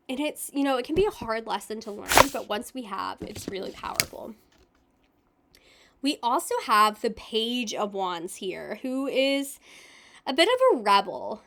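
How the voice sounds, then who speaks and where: A young woman giving a casual, gentle and upbeat tarot reading with frequent fillers. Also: on the high side, animated, a little slow, gravelly. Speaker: tarot reader.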